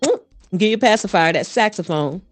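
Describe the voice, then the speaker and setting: A woman guest, a voice coach and performer, speaking in an animated, fast storytelling manner in a casual interview. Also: medium pitch, no echo, faint music behind.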